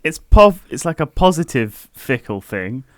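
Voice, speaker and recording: A man's voice: a little high, very animated, unhurried, no echo, studio quality. A man co-hosting a podcast in casual chat, stubbornly defending a joke argument. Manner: stubborn, jokey arguing. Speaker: podcast co-host.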